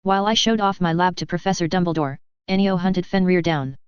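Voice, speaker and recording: Clear-voiced woman narrating a story. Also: fairly low pitch, a little fast, no echo. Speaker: audiobook narrator. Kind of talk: first-person story narration. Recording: dull dry lo-fi audio.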